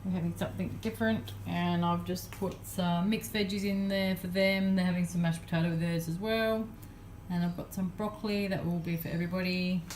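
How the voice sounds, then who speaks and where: A chatty Australian woman in her thirties rambles through a daily vlog from her home kitchen, packing her talk with fillers. Her voice sits lowish with a darkish tone, and there's a little background noise.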